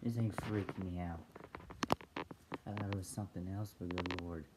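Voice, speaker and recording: A man vlogging casually from a dark bedroom at night, jittery and nervous, often stopping and restarting. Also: low-pitched, steady tone, moderate pace. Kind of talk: casual vlog talk to camera. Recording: loud background noise.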